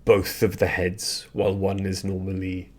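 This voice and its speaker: Deep-voiced man narrating a tabletop game. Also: monotone, a little mellow. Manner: slow, halting narration with many ums. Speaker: dungeon master.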